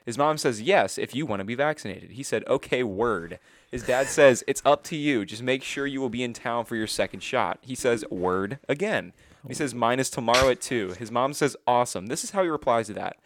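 Crude joking young man, lively pitch. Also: fairly quick. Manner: crude, joking, insistent storyteller. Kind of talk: casual chat.

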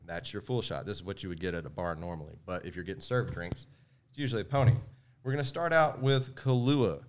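A man's voice: low-pitched, fast talker, slight background noise. A man, a podcast host chatting casually and explaining a cocktail step by step. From Southeast Texas.

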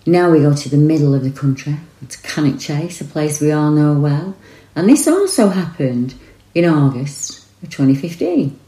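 Deep-voiced woman narrating. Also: reverberant, rough recording. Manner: calm, measured storytelling. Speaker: narrator of paranormal reports. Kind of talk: scripted narration.

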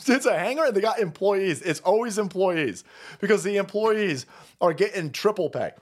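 A man's voice: high voice, lively intonation, normal speed. Profane, sarcastic male streamer. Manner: profane, sarcastic, laughing often. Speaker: streamer host. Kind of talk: livestream commentary rant.

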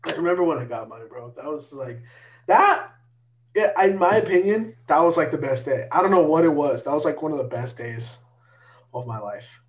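Young male podcast host, fairly high voice, excitable and profane, acts out his own quotes loudly. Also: normal speed. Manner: excitable, profane storytelling with loud re-enacted quotes. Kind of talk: casual chat between friends.

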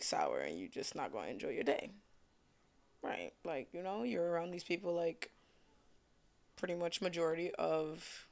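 A young man with a New York accent rambles through a casual solo podcast, loose and slangy. He talks in an unhurried, drawn-out way. His voice carries a rough, gravelly fry. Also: a little high. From Brooklyn, New York. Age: young adult. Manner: laid-back, slangy and rambling. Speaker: podcast host.

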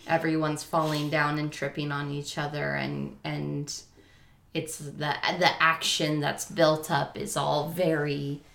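A woman's voice: sits low, level tone, measured pace, vocal fry, a bit bright, echoey room. A woman co-hosting a podcast, talking thoughtfully about a book and reading out passages. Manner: thoughtful, corrects and reads out passages. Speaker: podcast co-host. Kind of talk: casual book discussion.

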